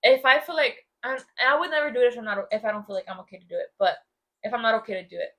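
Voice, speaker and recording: Bright-voiced young woman chatting casually. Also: a little high, animated. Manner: chatty, storytelling, quick asides. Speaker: podcast co-host. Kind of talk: casual chat.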